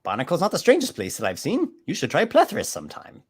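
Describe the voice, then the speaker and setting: A grandiose, wheedling shop merchant voiced by a man pushes his wares with an animated, swinging pitch. He flatters every buyer and never stops the pitch. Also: quick pace, slightly rough, full character voice. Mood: chatty. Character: pushy male gnome shell merchant, flattering.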